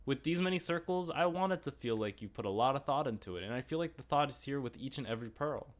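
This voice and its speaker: A man's voice: medium pitch, expressive, fast talker. A man co-hosting a casual review chat, talking in a rambling, chatty way full of asides. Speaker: podcast co-host.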